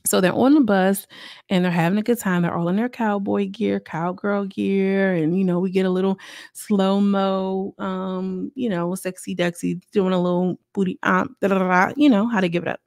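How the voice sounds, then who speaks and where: A woman casually recapping a reality show episode in a chatty, slangy way, with lively quoted voices. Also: mid-range voice, normal speed, gravelly, no room sound, clean studio sound.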